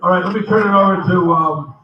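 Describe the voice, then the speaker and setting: A man's voice: sits high, fast. A man emceeing at a convention, upbeat and chatty, speaking off the cuff. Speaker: master of ceremonies. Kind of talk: casual emceeing. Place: convention hall. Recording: echoey hall, from far off, dull, noisy.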